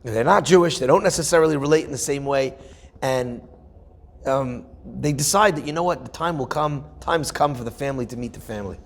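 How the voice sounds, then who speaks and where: A man's voice: medium pitch, fairly quick, gravelly, slight background noise. A man, a rabbi, telling a Torah story vividly, acting out the dialogue of its people.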